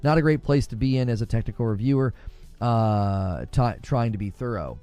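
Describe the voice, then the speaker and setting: A man's voice: mid-range voice, animated, normal speed, warm tone, smooth, no room sound. A man talks hesitantly on a clip from his own stream, stumbling over fillers as he goes. His middling voice is recorded dry, with faint music playing underneath. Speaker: streamer being reacted to. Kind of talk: casual stream talk.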